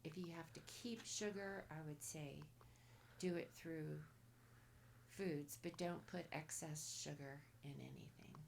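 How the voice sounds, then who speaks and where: Soft-spoken woman with a low gravelly voice. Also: unhurried, slight background noise. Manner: soft-spoken, nearly whispering at times; gives blunt diet advice in short commands. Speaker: podcast guest. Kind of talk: casual interview.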